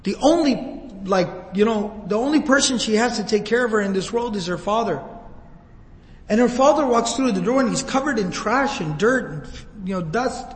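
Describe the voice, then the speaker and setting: A man's voice: high voice, lively intonation, normal speed, long reverb tail, low-quality recording. A man giving a sermon, telling the story emotively and acting out quoted lines. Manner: emotive, retells scenes with quoted voices. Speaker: preacher.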